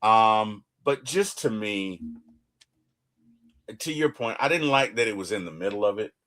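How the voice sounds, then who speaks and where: A man's voice: fairly low pitch, animated, unhurried, fairly bright tone. A man co-hosting a TV reaction show, talking in a casual, emphatic way and often repeating words as he restarts.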